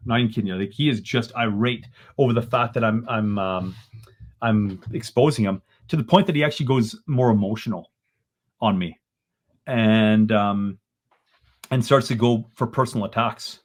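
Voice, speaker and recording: A man, a podcast guest retelling events in an animated, exasperated way and often ending lines with "right?". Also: on the low side. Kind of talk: casual storytelling in a podcast interview.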